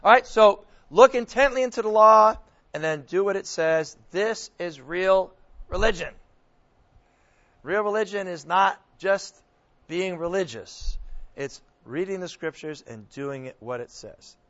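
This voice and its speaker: A man's voice: high voice, unhurried, fairly bright tone. A man preaching and teaching scripture to a group, questioning his listeners, with frequent restarts. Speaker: preacher leading a Bible study. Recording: dull lo-fi recording.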